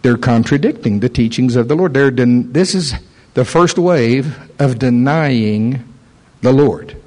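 A man's voice: mid-range voice, unhurried. A man preaching a sermon and telling a story, acting out the voices of the people he quotes. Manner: animated, acts out quoted voices.

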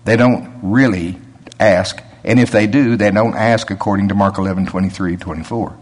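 A man's voice: fairly low pitch, steady tone, normal speed, slightly rough. A man preaching a sermon in a conversational way, rising to emphatic peaks and chuckling between points.

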